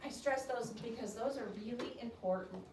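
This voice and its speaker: Lady teacher reading a poem to her class, pretty high voice, echoey room, mic kinda far off. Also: normal speed. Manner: expressive reader, coaxing questions to students. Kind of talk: classroom poetry reading and discussion. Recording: roomy classroom sound from a distant mic with noise.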